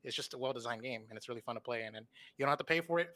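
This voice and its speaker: A male guest on a gaming podcast speaks over an online call. He rambles with enthusiasm and swears casually as he goes. His voice is bright and forward at a middling pitch. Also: racing. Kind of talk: casual chat.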